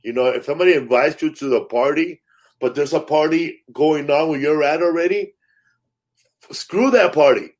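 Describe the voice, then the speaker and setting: A man's voice: on the high side, moderate pace. A man, a stand-up comic, telling stories in casual chat, acting out quotes and swearing freely. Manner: animated storyteller, acts out quotes, swears freely.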